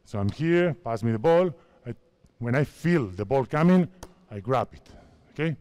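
A man in his fifties from Spain, a basketball coach speaking halting English with a Spanish accent as he directs players through drills at a clinic. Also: medium pitch, expressive, darkish tone. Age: 50s. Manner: halting non-native English, repeats phrases, directs players.

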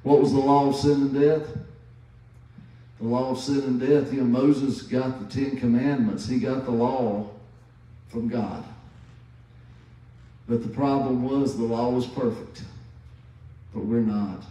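A man in his fifties preaches slowly and deliberately, leaning hard on repeated phrases. His voice is mellow and dark. It rings through a very echoey church, picked up from some distance. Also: mid-range voice, fairly even intonation. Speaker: pastor. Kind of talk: sermon. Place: church sanctuary.

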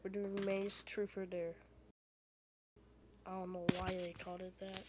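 A woman commenting on her own gameplay in an unhurried, drawn-out way, swinging between loud exclamations and muttered complaints. The recording carries a noticeable layer of background noise. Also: mid-range voice, level tone. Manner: frustrated, exclaiming, muttering under breath. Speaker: gamer.

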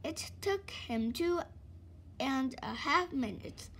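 High-voiced woman reading a storybook. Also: takes it slowly, slight background noise. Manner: lively, expressive read-aloud. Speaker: storybook reader. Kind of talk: reading a children's book aloud.

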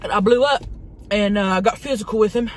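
A woman's voice: mid-range voice, a little fast, natural voice. A woman playing a brash, hot-tempered woman, who rambles profanely and dramatically in a comedic monologue from a parked car. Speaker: vlogger.

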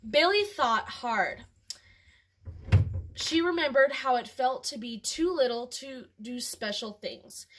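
A woman hosting a home video, chatting casually and then reading a children's story aloud with ums and pauses. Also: a little high. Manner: animated, with ums and throat clearing.

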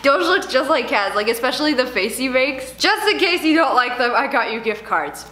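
Young female vlogger, giggly and sarcastic, very animated delivery, echoey room. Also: sits high, moderate pace, noisy background. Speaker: YouTuber. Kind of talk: casual unboxing vlog.

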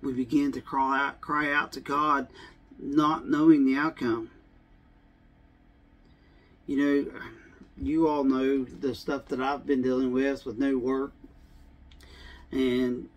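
A man's voice: mid-range voice, flat delivery, slow, pauses often, highs cut off. A male pastor preaching a casual, conversational sermon, full of "I mean" and "you know.".

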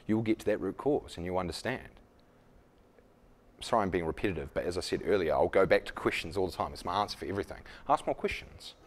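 Lower-pitched male workshop leader; conversational, self-deprecating, plays out examples. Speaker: leadership speaker. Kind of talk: live workshop talk.

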